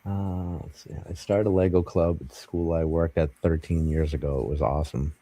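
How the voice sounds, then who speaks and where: Very deep, husky man hosting. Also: brisk, no room sound. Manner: relaxed, brief interjections, greets chat. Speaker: host. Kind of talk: casual livestream chat.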